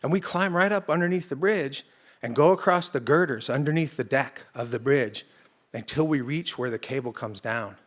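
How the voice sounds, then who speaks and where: A man's voice: medium pitch, moderate pace. A man telling a true personal story on stage in a conversational, vivid present-tense way. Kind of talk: live first-person storytelling.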